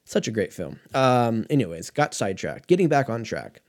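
A man's voice: mid-range voice, very animated, moderate pace, darkish tone. A man from California hosting a casual storytelling monologue, talking in a profane, rambling way and drifting off on tangents. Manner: profane, rambling, easily sidetracked. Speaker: host.

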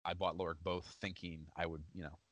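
A man co-hosting a casual gaming podcast, talking in an animated, profane way and laughing often. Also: sits low, brisk. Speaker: podcast co-host.

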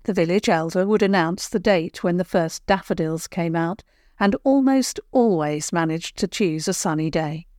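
An older woman, the regular storyteller of the show, reading a children's bedtime tale in a gentle, measured way. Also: lowish voice, dry recording, studio quality. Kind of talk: scripted children's story narration.

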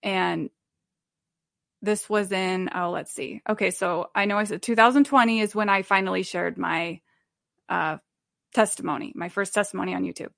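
Earnest woman with a gravelly voice. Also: medium pitch, normal speed, a bit bright, no echo, clean studio sound. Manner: earnest, rambling with many fillers and restarts. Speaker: guest. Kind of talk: sharing a personal faith testimony.

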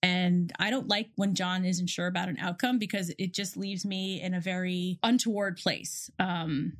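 A woman's voice: lowish voice, steady tone, moderate pace. A woman co-hosting a podcast, chatting casually about a TV episode and retelling scenes with lots of restarts. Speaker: podcast co-host. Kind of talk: casual TV recap chat.

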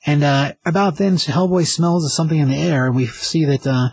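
A man's voice: a little high, moderate pace, creaky, a little mellow, breathy edge, dry recording, low-quality recording. A man hosting a casual comic book review, retelling the story with enthusiasm and many fillers. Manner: rambling, enthusiastic summary with fillers.

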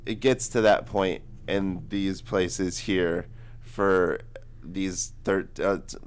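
A man's voice: low-pitched, steady tone, slow pace, clean tone. A man in his twenties co-hosting a book podcast, rambling casually with lots of filler words. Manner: rambling, heavy use of "like". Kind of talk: casual chat.

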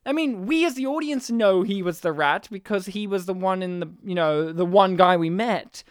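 A man with an Australian accent co-hosting a casual movie-review chat, telling stories in an animated, laughing, sweary way. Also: high-pitched, moderate pace, clear, resonant tone, no room sound, clean studio sound. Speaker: podcast co-host.

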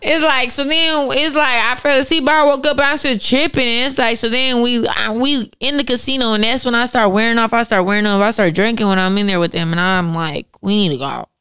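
A young woman telling a story as a podcast guest, animated and slangy, swearing freely. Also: fairly high pitch, fairly quick, few pauses, clear, resonant tone, no room sound, clean studio sound. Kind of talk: casual storytelling chat.

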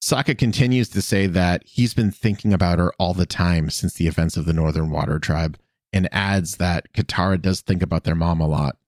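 A man's voice: low voice, moderate pace, a little mellow, no room sound, clean studio sound. A man co-hosting a podcast, casually recapping episodes with playful asides. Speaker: podcast co-host.

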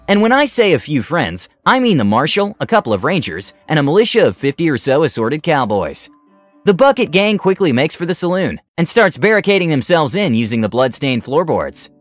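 A man narrating a scripted tabletop game story in an animated way, putting on voices for characters. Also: medium pitch, no room sound.

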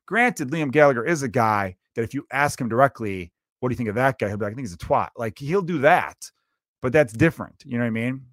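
A man in his thirties hosting a solo comedy podcast, ranting in a casual, animated way, dropping swear words. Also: medium pitch, quick pace, dry recording, studio quality. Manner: conversational and animated, swearing, acting out quotes. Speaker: podcast host.

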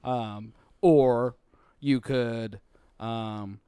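A man's voice: medium pitch, steady tone, extremely slow, dark tone, clear, resonant tone, no echo. A man co-hosting a casual chat, laid-back and swearing often.

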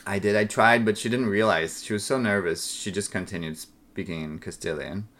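Man, young adult, low pitch, casual storytelling, animated quotes. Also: normal speed. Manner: animated retelling, acts out quoted voices. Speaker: podcast co-host.

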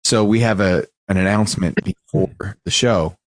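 A man co-hosting a casual podcast chat, animated and stop-start, laughing often. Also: fairly low pitch, normal speed, dry recording, studio quality. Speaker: podcast co-host.

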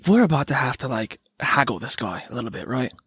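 A man playing a tabletop game, joking with excitable energy and swinging between high shrieks and low mumbles. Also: fast, breathy edge. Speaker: player. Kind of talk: comedic tabletop role-play banter.

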